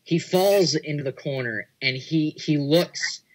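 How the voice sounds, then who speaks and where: A man on a casual podcast, telling a long scenario in excited play-by-play. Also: a little high, unhurried, low-quality recording. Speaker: podcast panelist.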